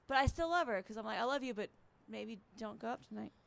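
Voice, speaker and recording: A woman's voice: fairly high pitch, lively intonation, quick pace, creaky. A woman from Alabama, doing a rambling, profane stand-up set. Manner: rambling, profane, self-mocking. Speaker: stand-up comedian. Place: resort stage, in front of a live audience.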